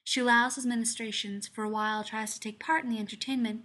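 Soft-spoken woman reading a story. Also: a little high, fairly even intonation, fast. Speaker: fan fiction reader. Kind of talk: scripted narration.

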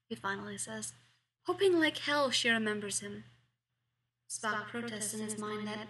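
A woman reading fan fiction aloud, expressive and sometimes dropping to a whisper. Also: mid-range voice, moderate pace, breathy edge, low-quality recording. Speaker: fiction reader.

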